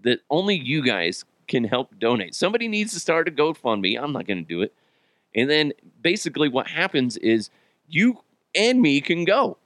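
A man's voice: on the high side, very animated, normal speed, a bit bright, no room sound. A man hosting a casual solo podcast, rambling and joking at his own expense, swearing freely and laughing often while he's a bit sick. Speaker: podcast host.

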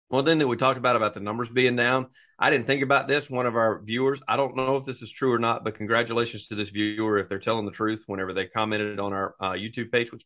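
A man co-hosting a casual podcast, telling stories and acting out quotes. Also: medium pitch. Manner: animated storytelling, acts out quotes. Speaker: podcast co-host. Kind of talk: casual chat about golf.

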